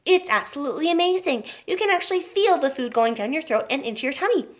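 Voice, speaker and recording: A woman voicing an eccentric, boastful male candy inventor in a storybook reading, in an excited and proud tone. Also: high voice, fast talker, pitched above the performer's own voice.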